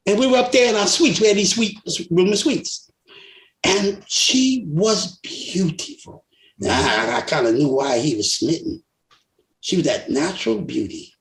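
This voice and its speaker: A man's voice: high voice, measured pace. Older man telling stories, roomy echo. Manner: animated storyteller, laughs often, acts out voices. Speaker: guest singer. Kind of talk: storytelling interview.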